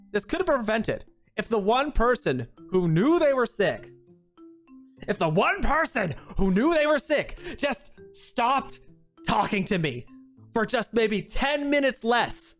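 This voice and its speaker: A woman streamer chatting casually, rambling and poking fun at herself in an animated way. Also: lowish voice. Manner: rambling, self-mocking, animated.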